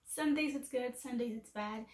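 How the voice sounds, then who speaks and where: A woman's voice: a little high, normal speed, roomy sound, rough recording. A woman vlogger chatting casually and self-deprecatingly to camera, laughing at herself.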